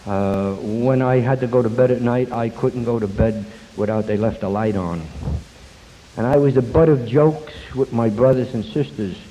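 An older man telling his life story at a recovery meeting, folksy and self-deprecating, pausing and restarting as he goes. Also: mid-range voice, fairly even intonation, warm tone, slight background noise. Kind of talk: personal story talk with jokes. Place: meeting hall before an audience. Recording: dull lo-fi tape, long hall reverb.

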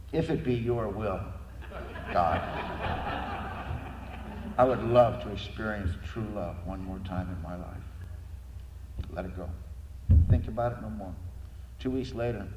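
A middle-aged man giving a personal recovery testimony, earnestly telling his story and acting out the dialogue in it. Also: lowish voice. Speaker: recovery meeting speaker. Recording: echoey hall with noise.

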